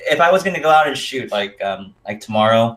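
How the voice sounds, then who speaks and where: A man's voice: medium pitch, animated, quick pace, a bit bright. A man hosts a casual live stream, reading out viewer comments and answering them. He sounds easygoing and laughs often. He stumbles a little over unfamiliar names.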